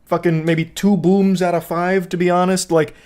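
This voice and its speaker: Dude ranting about internet stuff, kinda high voice, sarcastic, swears a lot. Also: male voice, level tone, normal speed, darkish tone. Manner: sardonic, profane, jokey asides. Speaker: commentary host. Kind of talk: casual commentary.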